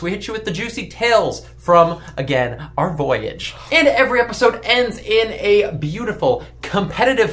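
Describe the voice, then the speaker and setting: A man's voice: high-pitched, a bit bright. Guy cohosting a podcast, hammy and playful, voice jumps all over. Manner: playful, theatrical show-intro delivery. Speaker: podcast co-host. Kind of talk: casual chat.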